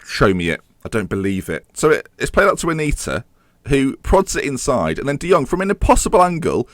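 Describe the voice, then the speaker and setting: A man commentating his own football game for video, his pitch leaping around as he swings between dry jokes and exasperated outbursts. His voice is close and dry, with no room around it. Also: very animated, fairly quick, dry recording. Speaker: gaming YouTuber.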